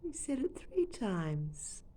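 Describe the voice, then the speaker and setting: A woman with an Australian accent at home, talking softly and fondly to her pet parrot while filming it on her phone from close by. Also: mid-range voice, very animated, takes it slowly. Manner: soft, doting baby-talk to her bird. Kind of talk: casual chat to a pet on camera. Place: at home, leaning over a couch. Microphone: phone camera held close.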